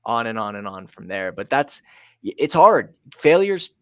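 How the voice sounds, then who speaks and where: A man in his thirties, a guest on a sales podcast, telling a story in an energetic, emphatic way. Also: on the low side, normal speed, smooth, no room sound. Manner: energetic, emphatic, acts out a coach's pep talk. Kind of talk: storytelling in an interview.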